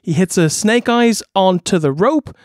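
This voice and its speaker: A man's voice: high voice, lively intonation, unhurried, no room sound, studio quality. A man co-hosting a wrestling review podcast, enthusiastic, swearing and laughing a lot. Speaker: podcast co-host. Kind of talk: comedic wrestling review chat.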